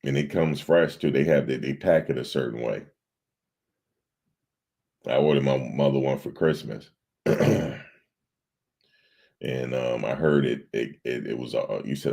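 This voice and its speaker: A man's voice: extremely low pitch, a little slow, vocal fry, long pauses, dark tone, husky. A man hosting a livestream, rambling in casual chat and talking straight to his viewers in the chat. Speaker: livestream host.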